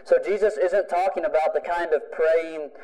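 Male pastor, emphatic sermon delivery with repeated lines, slightly high, mellow tone, long reverb. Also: steady tone, moderate pace. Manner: emphatic preaching with repeated phrases.

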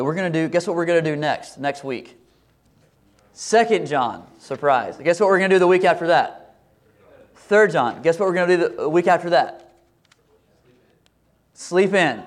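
A middle-aged man preaching a sermon as pastor, earnest and conversational, often asking his listeners questions. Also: a little high. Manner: earnest, conversational, asks the congregation many questions.

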